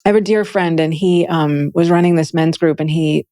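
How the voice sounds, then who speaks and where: A woman's voice: deep voice, normal speed, dark tone, dry recording, clean studio sound. A woman being interviewed, talking with enthusiasm in a chatty, casual way, peppering her speech with "like" and "right?". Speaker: guest, Akashic Records reader and teacher.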